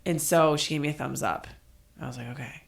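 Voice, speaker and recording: A middle-aged woman co-hosting a podcast, telling a story in a casual chat. Her voice sits low and has a gravelly edge. She acts out what people said, animated and laughing along. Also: a little fast. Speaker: podcast co-host.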